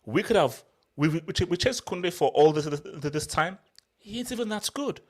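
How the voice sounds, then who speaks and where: A man co-hosting a casual football podcast, ranting loudly and excitably, repeating himself. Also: high voice, moderate pace. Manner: loud, excitable, repetitive ranting. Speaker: podcast co-host. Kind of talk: heated casual football chat.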